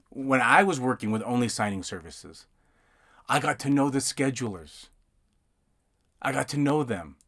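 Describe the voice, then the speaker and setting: A man's voice: mid-range voice, a bit bright. A man hosting a podcast about notary work, telling stories casually from inside his van. He rambles, repeats words and acts out other people's lines as he goes. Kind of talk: casual storytelling monologue.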